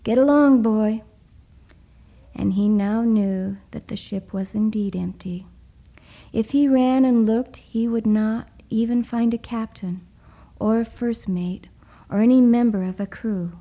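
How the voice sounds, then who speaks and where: A woman reading a story aloud in a hushed voice, often dropping into a whisper. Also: medium pitch, fairly even intonation, measured pace, dull audio. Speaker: narrator. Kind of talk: soft-spoken story reading.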